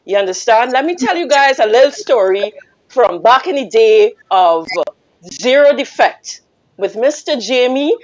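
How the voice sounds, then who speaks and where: A Trinidadian woman guest telling a teasing, animated story with frequent laughter. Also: a little high, a little slow, highs cut off. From Trinidad and Tobago. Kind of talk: casual storytelling on a radio call-in.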